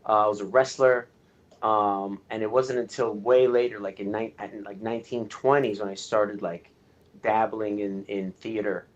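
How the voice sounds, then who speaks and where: A man's voice: fairly low pitch, steady tone, moderate pace, lo-fi sound. A man from Canada, a guest film director, chatting casually in an interview and telling his story candidly, with plenty of swearing and fillers.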